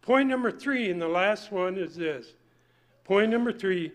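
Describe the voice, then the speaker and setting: An older man preaching a folksy sermon, emphatic and swinging between loud points and hushed asides. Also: high-pitched, expressive, measured pace.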